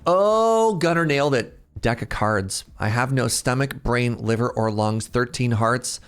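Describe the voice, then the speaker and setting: A man in his thirties giving casual, animated live-stream commentary as he plays, laughing often and chatting with his viewers. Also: medium pitch, normal speed. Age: 30s. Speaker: game streamer.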